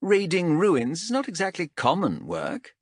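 A man's voice: a little high, wildly swooping pitch, measured pace, slightly rough, dry recording, studio quality, voice pushed up, exaggerated voice. A man voicing a sardonic female elf captain. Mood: mocking. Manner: sardonic, wheedling, menacing. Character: shrewd mocking female elf sea captain. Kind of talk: audiobook character voice.

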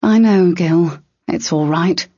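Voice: mid-range voice, slow pace, mellow, breathy edge, dry recording. A narrator voicing a tense, wry young woman thief. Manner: tense, forcing lightness. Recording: dull, slightly lo-fi dry recording.

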